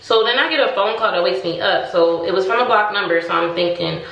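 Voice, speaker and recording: A woman's voice: medium pitch, fairly quick, creaky, far from the mic, muffled recording. Chatty woman telling a story, echoey room. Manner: chatty, animated, acts out both sides of conversations. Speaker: storytime vlogger. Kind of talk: casual storytelling to camera.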